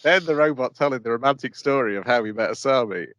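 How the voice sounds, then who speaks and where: A man's voice: medium pitch, fast talker, a bit bright, dry recording, muffled recording. A man co-hosting an anime podcast, moving the recap along with brief plot summaries. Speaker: podcast co-host. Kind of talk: casual chat recapping an anime.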